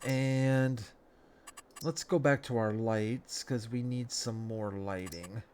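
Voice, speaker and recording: A man, sounding stuffed up, giving relaxed, rambling commentary over a game as a let's play host, talking half to himself with folksy phrases. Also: medium pitch, slow, a little hiss or hum. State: stuffed up nose. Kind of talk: casual gameplay commentary.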